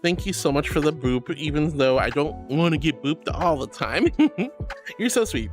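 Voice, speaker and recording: A woman's voice: sits low, lively intonation, normal speed. Bubbly gushing woman streamer. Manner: bubbly, gushing and affectionate, with squeals and baby talk. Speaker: livestreamer reading chat. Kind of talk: casual livestream chat. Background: faint music.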